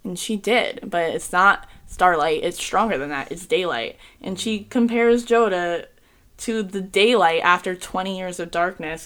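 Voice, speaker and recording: Young woman, podcast co-host, lowish voice, gushing, teary, filler-heavy chat. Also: fairly bright tone, smooth. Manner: gushing, emotional, says "like" and "um" a lot. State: choked up, near tears.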